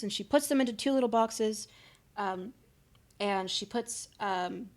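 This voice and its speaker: A woman's voice: medium pitch, a little slow. A woman narrating a tabletop game as game master, rambling with many fillers.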